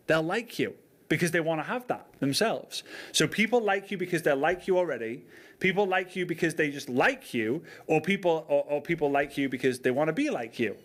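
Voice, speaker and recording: A male coach leads an online training session in a relaxed, chatty way. He repeats key points and often checks in with his listeners before moving on. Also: fairly high pitch. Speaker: network marketing coach.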